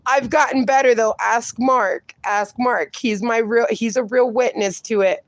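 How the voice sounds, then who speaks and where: A woman's voice: a little high, steady tone, a little slow, no echo. A woman hosting a livestream, reading viewer comments aloud and chatting casually, laughing often. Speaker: livestream host reading chat. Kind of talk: casual chat.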